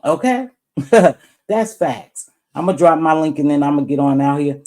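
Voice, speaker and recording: A woman's voice: low-pitched, animated, normal speed, darkish tone. A woman hosting a live stream in a blunt, preachy rant, swearing freely.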